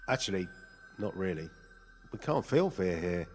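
A man's voice: low-pitched, sing-song, normal speed, big-room sound, soft background music. A man voicing a laid-back alien sidekick. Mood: easygoing.

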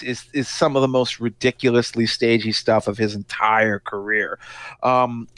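A man's voice: lowish voice, no echo. A man hosting a podcast, talking casually and animatedly about music, with lots of filler words. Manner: talkative, many "like" fillers, animated. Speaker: podcast host.

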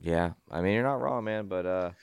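Low-pitched and resonant, this male podcast co-host talks at normal speed in a clear voice. He's relaxed in casual conversation and curses freely, captured in clean studio sound without echo.

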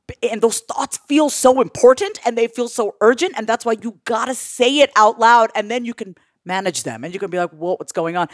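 Blunt, lively woman coach in podcast chat, dry close mic. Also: a little high, no room sound. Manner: animated, blunt, casual swearing. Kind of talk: podcast conversation.

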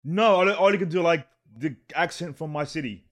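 A man's voice: on the high side, a little fast. A man with an Australian accent, co-hosting a casual group podcast chat with playful, mock-indignant joking. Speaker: podcast co-host.

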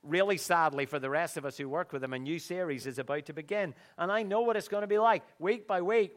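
A middle-aged man preaches a sermon in a high, fairly bright voice. He speaks earnestly and conversationally, breaking into sudden emphatic bursts.

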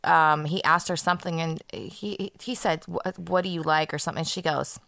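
A woman with a slightly low but bright voice teases her co-host bluntly and swears offhandedly in casual podcast chat. The sound is close and dry. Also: fairly even intonation, moderate pace, vocal fry, no echo.

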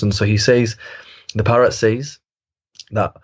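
A man's voice: on the low side, fairly even intonation, normal speed, pauses often, breathy edge, muffled recording. A man telling a story in reflective conversation, hesitant and full of fillers and restarts.

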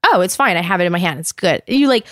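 A woman in her thirties tells stories in a casual chat, scattering "like" through every sentence and acting out each quote. Her voice sits at a middling pitch. It is recorded close on a mic in a dry room with no echo. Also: fast talker. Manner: animated storyteller, heavy "like", acts out quotes.

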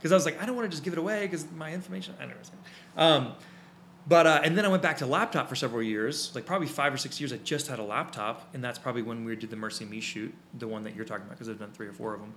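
A man's voice: medium pitch, fairly even intonation, fast talker, fairly bright tone, slight background noise. A man co-hosting a photography podcast in casual, rambling chat, full of fillers and restarts, recorded in his small studio. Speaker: podcast co-host and photography teacher.

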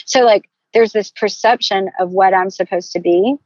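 Middle-aged woman chatting on a podcast, candid and lively, dull dry sound. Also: mid-range voice, dry recording. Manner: animated, candid, quick storyteller. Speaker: podcast guest, entrepreneur. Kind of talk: casual interview storytelling.

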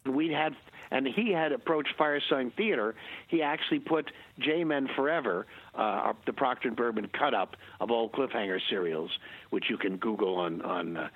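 An older man with a husky voice tells rambling stories, full of restarts, little chuckles and acted-out asides. The sound is dull and lo-fi, as if from a modest recording. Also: medium pitch, dry recording. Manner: halting, many restarts, chuckles. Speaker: interview guest. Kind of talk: rambling anecdotal conversation.

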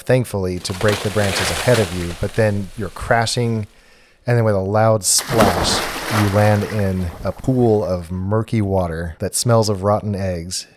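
A man running a tabletop game as game master, narrating scenes in a calm, descriptive way. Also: fairly low pitch, background noise.

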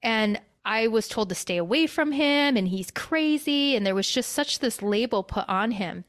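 A woman's voice: on the high side, animated, moderate pace, no echo, clean studio sound. A young adult woman telling an emotional personal story as a guest, with many fillers and restarts.

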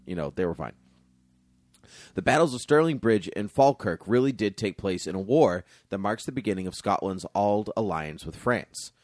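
A man hosting a casual chat, reading aloud from a history book with jokey, animated asides. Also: on the low side, no room sound, studio quality. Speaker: podcast host.

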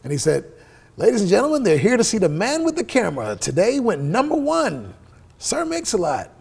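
A man's voice: sits high, a little fast, creaky, breathy edge. A middle-aged man telling stories in a casual interview, swearing freely and acting out the dialogue he quotes. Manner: profane, animated storyteller who acts out quoted dialogue. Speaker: interview guest, musician.

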